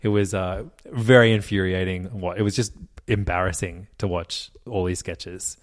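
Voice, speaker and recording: A man's voice: sits low, steady tone, normal speed. A man co-hosting a podcast in casual chat, rambling with fillers and frequent laughs. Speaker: podcast co-host.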